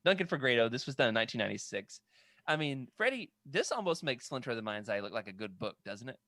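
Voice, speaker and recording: Guy rambling on a podcast, stumbles on names, mid pitch, dead dry sound. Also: very animated, quick pace, a bit bright, no room sound. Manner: rambling, self-correcting, stumbles over names. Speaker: podcast co-host. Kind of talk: casual chat about comic art books.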